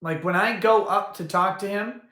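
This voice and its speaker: A man talks casually on a livestream, rambling and thinking out loud with frequent restarts. His voice sits fairly high for a man and comes across bright and forceful. The room around him gives off a noticeable echo. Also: normal speed. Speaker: livestream host. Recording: roomy echo.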